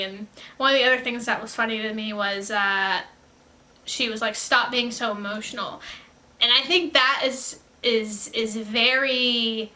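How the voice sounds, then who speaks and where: A woman making reaction videos gives casual commentary in a fairly high, bright, forward voice. She rambles and gushes, often stopping mid-sentence to correct herself.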